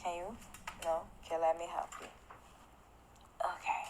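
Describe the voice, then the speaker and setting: A young woman livestreaming from her home, talking to her viewers in a jumpy, excitable way and pleading with them and her dog. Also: fairly low pitch, measured pace, noisy background. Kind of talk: casual livestream chat. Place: home at night.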